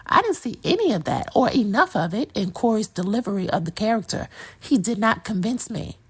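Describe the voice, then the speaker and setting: Sassy woman ranting about a movie, husky voice, chatty and blunt. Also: medium pitch. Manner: sassy, opinionated, talks to viewer as "girl" and "child". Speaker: movie reviewer. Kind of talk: casual movie review.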